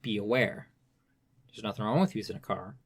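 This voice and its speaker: A man's voice: fairly low pitch, lively intonation, fairly quick, breathy edge. A young man talking casually on a podcast, rambling with many restarts and "you know" fillers. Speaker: podcast guest expert.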